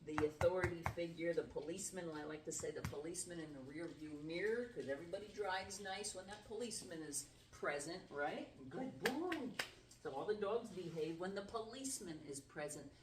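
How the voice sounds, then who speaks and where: Middle-aged lady teaching dog training, low voice, chatty explainer, echoey and kinda far off the mic. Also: fairly quick, few pauses. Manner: conversational, explains with everyday comparisons. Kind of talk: casual instructional demonstration. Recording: roomy sound from a distant mic with faint background noise.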